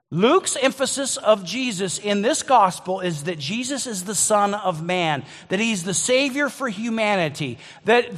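A man's voice: high-pitched, a bit bright, big-room sound. A man preaching a sermon in a conversational way, often restarting and repeating words as he thinks aloud. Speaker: pastor.

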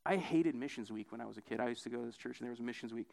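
A man's voice: rapid-fire, creaky, hardly any pauses, a little mellow. A young man giving a conversational sermon, often tagging on "right?" and acting out quoted voices. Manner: casual, repeats "right?" often; acts out quoted voices with big pitch jumps. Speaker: preacher.

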